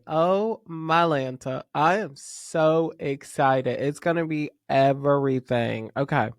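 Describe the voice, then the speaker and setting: A man hosting a casual pop music podcast, talking in an excitable, gushing fan manner with sudden whispers. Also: a little high, slow, few pauses, no echo, clean studio sound. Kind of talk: casual chat.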